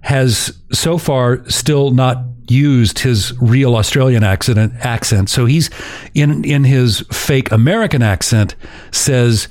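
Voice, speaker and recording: A man narrates a story to his co-hosts in a relaxed, conversational way and chuckles as he goes. His voice sits in the middle range. The recording is dry and close to the mic. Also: mid-range voice, takes it slowly, no echo. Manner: chuckles while telling a story. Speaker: podcast host. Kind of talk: casual storytelling.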